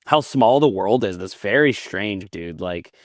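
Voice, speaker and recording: A man's voice: lowish voice, animated, a little slow, no echo, studio quality. A man, a podcast guest and metal vocalist, telling long stories in casual chat over a video call. He acts out quoted back-and-forths and swears often.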